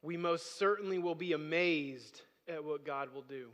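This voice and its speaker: A man's voice: fairly high pitch, normal speed, hardly any pauses, a bit bright. A man preaching a sermon as pastor, speaking conversationally and rising to emphatic bursts. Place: church sanctuary. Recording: long hall reverb.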